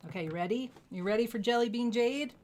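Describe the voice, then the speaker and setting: A woman hosting a live jewelry sales stream, gushing effusively over each piece and dropping into soft asides. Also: fairly high pitch, quick pace. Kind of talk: live shopping stream presentation.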